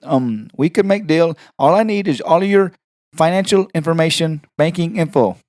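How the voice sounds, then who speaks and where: A man imitating a scam telemarketer with a put-on foreign accent and slow, hesitant, broken phrasing. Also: fairly high pitch, darkish tone, no room sound, clean studio sound, close to an everyday voice. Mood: wheedling. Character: halting male scam telemarketer with a fake accent.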